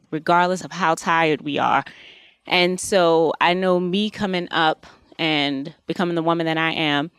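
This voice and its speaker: Woman, lowish voice, heartfelt halting testimony, dry close sound, faint music. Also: fairly bright tone, clean tone, no echo. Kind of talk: personal testimony at a community gathering.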